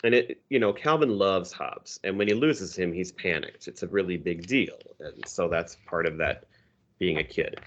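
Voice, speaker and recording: A man's voice: low voice, normal speed, a bit bright, lo-fi sound. A man co-hosting a podcast, a teacher, casually reading comic strips aloud and chuckling as he explains them. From Minnesota. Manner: easygoing, chuckling storyteller.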